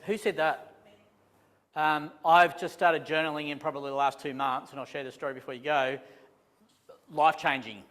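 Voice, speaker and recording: In a conference room with a live audience, a property management trainer addresses the room in a fairly high male voice. His talk is animated and chatty, full of self-deprecating humor and many restarts, and the sound carries a long hall reverb.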